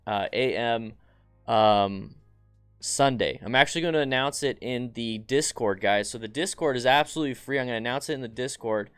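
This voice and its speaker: Chatty man with a smooth voice. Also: medium pitch. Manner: chatty, reads viewer comments aloud, bursts of excitement. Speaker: motorcycle channel host. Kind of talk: casual live stream chat.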